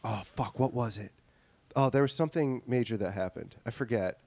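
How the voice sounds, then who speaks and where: A man's voice: medium pitch, brisk, darkish tone. A young man telling rambling, profane stories in a casual chat, often laughing.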